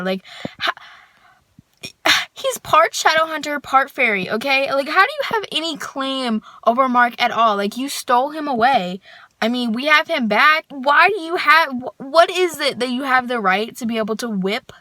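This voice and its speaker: A woman's voice: high-pitched, expressive, normal speed, bright, forceful tone. A young adult woman casually vlogging about her reading, gushing and emphatic, full of fillers. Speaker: book vlogger.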